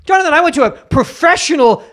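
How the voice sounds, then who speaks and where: A man's voice: extremely high pitch, lively intonation, fast talker, fairly bright tone, a little hiss or hum. A man from the Boston area co-hosting a comedic podcast, riffing animatedly and swearing freely. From Boston area, USA. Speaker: podcast co-host. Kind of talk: comedic casual chat.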